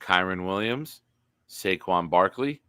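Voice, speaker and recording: A man's voice: low-pitched, animated, slow, sharp tone, smooth, dry recording, studio quality. A man hosting a casual sports live stream, talking up his picks and reading chat comments aloud.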